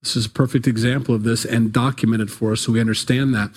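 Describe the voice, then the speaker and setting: A man's voice: medium pitch, flat delivery, quick pace, few pauses. Man preaching in a chatty, playful style. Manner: casual storytelling, acts out biblical characters in playful voices. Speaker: pastor. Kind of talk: conversational sermon.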